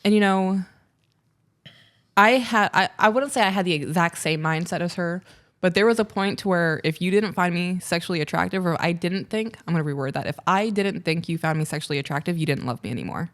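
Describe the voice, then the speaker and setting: A woman's voice: on the low side, brisk, a bit bright. Earnest woman podcast co-host. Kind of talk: casual podcast chat, reading listener letter.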